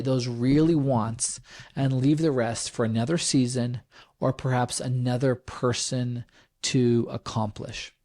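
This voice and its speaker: A man's voice: medium pitch, a little mellow. Guy doing a solo podcast, earnest, lots of ums and restarts, leans hard on key words. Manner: counsels listeners, stresses key words slowly. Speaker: podcast host. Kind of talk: reflective solo podcast monologue.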